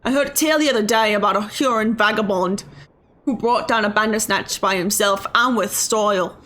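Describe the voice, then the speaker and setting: A woman's voice: fairly high pitch, brisk, pushed and bright. A woman voicing an adult male scout in a video game, with a put-on British accent that keeps sliding toward Australian. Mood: storytelling.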